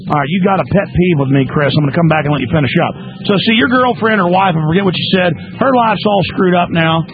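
A man's voice: high voice, fast talker, narrow, tinny audio, over music. A man hosting a talk radio show, delivering an emphatic, ranting monologue to a caller.

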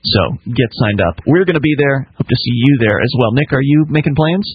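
A man's voice: medium pitch, a little fast, slightly rough, no echo. A man hosting a call-in talk radio show, chatting casually and reading out web addresses and phone numbers. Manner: relaxed, conversational, reads plugs and phone numbers. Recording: muffled radio broadcast audio.

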